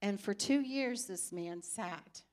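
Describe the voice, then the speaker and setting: A woman's voice: medium pitch, slow, darkish tone. An older woman speaking in church, teaching through personal stories and acting out her own past reactions. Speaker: pastor's wife teaching.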